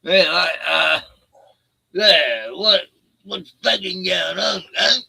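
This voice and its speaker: A man's voice: high-pitched, takes it slowly, gravelly, pushed and bright, slightly rough, no echo, poor audio. A man, chatting casually on a stream, laid-back, swearing often and laughing a lot. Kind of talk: casual chat.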